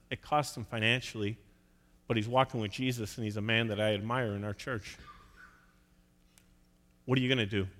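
A man's voice: fairly low pitch, fairly bright tone, long reverb tail. A man preaching a sermon, telling stories and acting out the voices of the people in them. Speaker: pastor.

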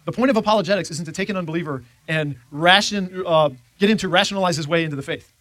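A man's voice: sits high, quick pace, a bit bright, no echo. A man teaching a church Bible class in a conversational way, often checking in with his listeners.

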